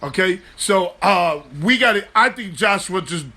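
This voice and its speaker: A man hosting a live sports talk show, animated, joking loosely and swearing freely. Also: high voice, unhurried. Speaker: host.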